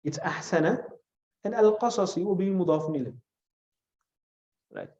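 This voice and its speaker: A man teaches grammar in a classroom, walking his students through each point and putting questions to them. His voice sits a little high and sounds warm and mellow. The recording is dull and lo-fi, with a roomy echo. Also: big pitch swings. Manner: explains step by step, quizzing students with questions; recites short Arabic phrases quickly. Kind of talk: classroom lesson. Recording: echoey room, dull lo-fi sound.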